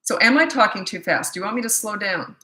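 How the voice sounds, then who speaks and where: An older woman, a parenting coach, answering viewer questions in a quick, chatty live-stream Q&A from a phone. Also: mid-range voice, expressive, sharp tone. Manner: fast-talking, chatty. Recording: echoey room.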